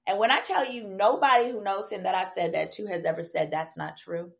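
A woman with a Southern American accent telling a personal story as a podcast guest, animated and profane, acting out quoted dialogue. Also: medium pitch, brisk, gravelly. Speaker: podcast guest, attorney and comedian. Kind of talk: casual storytelling chat.

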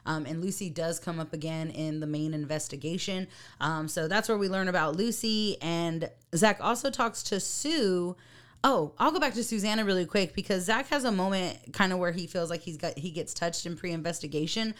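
A woman's voice: fairly low pitch, moderate pace. A young woman co-hosting a podcast, casually recapping a TV episode, giggling often and acting out quotes. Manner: giggly, animated storytelling with mimicked quotes. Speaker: podcast co-host.

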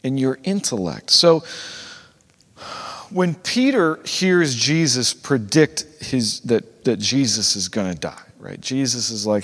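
A male pastor delivering a sermon in a conversational, animated way, acting out the people he quotes. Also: mid-range voice, takes it slowly, slightly rough. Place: church sanctuary. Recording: long reverb of a church hall.

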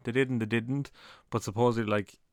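A man's voice: medium pitch, fairly even intonation, fairly quick, no echo. A man co-hosting a podcast, ranting bluntly and swearing, recorded right up against the mic. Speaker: podcast co-host. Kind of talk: casual chat. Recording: very close to the mic, breathing audible.

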